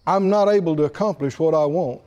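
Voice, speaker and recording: A man's voice: on the high side, a little fast, warm tone, lo-fi sound. A man preaching a sermon, telling stories with animation, laughing at his own jokes and acting out the voices he quotes. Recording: reverberant hall.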